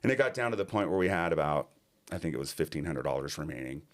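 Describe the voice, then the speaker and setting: A man's voice: rumbling low, expressive, fast talker. A middle-aged man, a podcast guest, telling a personal story in earnest and acting out other people's lines.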